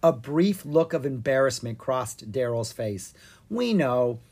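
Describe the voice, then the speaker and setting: A reader narrating a children's storybook in a lively, expressive way. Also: mid-range voice, a little slow, breathy edge. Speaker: audiobook reader.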